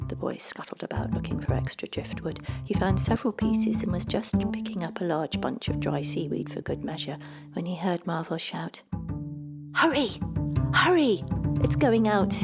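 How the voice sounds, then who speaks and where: A woman narrating a storybook in a soft, hushed, measured way. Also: on the low side. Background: music.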